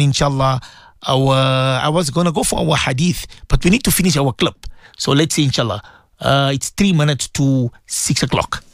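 A man hosting a morning radio show, giving religious advice in a preachy, animated way, repeating phrases for emphasis. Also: fairly high pitch, dry recording. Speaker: radio presenter. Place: radio studio.

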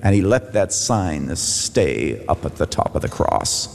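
A man's voice: low voice, sing-song, measured pace, vocal fry, a little mellow. A man, a pastor, preaching a sermon with emphatic, rising repeated phrases. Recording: echoey hall reverb. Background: long hall reverb.

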